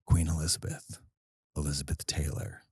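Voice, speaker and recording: A man putting on a low diabolical schemer. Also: flat delivery, breathy edge, no echo, studio quality, heavily acted. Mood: scheming. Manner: slow, conspiratorial, low muttering.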